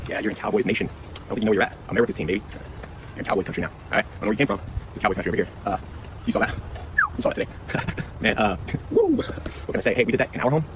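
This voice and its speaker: A man's voice: lowish voice, very animated, rapid-fire, long pauses, noisy background. A man boasting and teasing in a casual fan video. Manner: swaggering, teasing. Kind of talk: boastful fan selfie clip.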